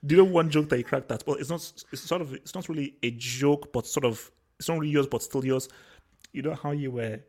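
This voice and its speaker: A man's voice: medium pitch, brisk, darkish tone. A man in casual football chat, telling stories with many stammered restarts and laughter. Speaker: podcast co-host.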